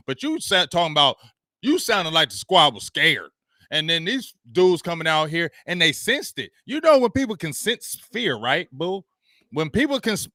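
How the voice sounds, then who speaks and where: Male host, heated mocking sports rant, bright forceful tone, close dry mic. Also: sits high, no echo. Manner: heated, mocking, barking dog noises, slangy. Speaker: show host.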